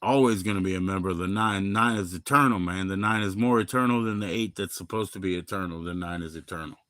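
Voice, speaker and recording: A man from Maryland, in middle age, hosting a rambling, profane livestream chat that swings from loud bursts to low mumbles. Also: fast talker, no room sound, clean studio sound. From Maryland, USA. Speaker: livestream host.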